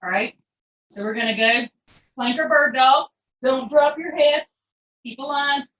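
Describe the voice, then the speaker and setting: A cheerful fitness instructor coaches a live online pilates session, cueing each move in a chatty, folksy, encouraging style. Her unhurried voice sits a little high, is a bit bright, and lifts when she praises. The sound is roomy, picked up from a distance across an echoing space.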